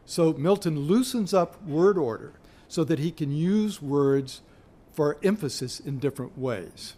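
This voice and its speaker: A man giving a university lecture on poetry, speaking in a measured way with pauses, sometimes searching for his place. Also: a little high, a little mellow. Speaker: literature lecturer.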